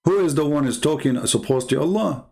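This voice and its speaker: Mocking man, gravelly voice. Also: fairly high pitch, expressive, a little fast, warm tone. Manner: mocking, combative, argumentative; non-native English with broken grammar. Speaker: religious critic and commentator. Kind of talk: screen-share commentary on texts.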